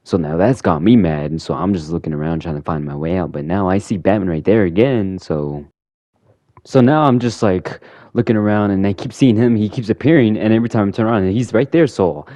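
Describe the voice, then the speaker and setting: A man's voice: fairly low pitch, expressive, a little fast, creaky, warm tone, no echo. A man who hosts a gaming channel, rambling casually through a recap of a game and filling his talk with "you know" and "like".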